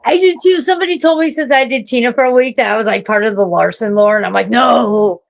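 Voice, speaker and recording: A woman's voice: on the high side, fast, vocal fry, no echo. A woman calling into a casual online group chat, joking crudely and speaking bluntly. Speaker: guest caller.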